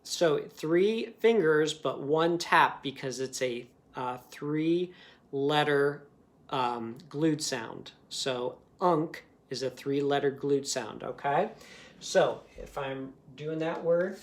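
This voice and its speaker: A man's voice: a little high, animated. A man teaching a recorded phonics lesson for young students. He sounds out letters and words carefully and keeps checking in with a patient "okay?". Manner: slow, patient, ends most sentences with a checking "okay?".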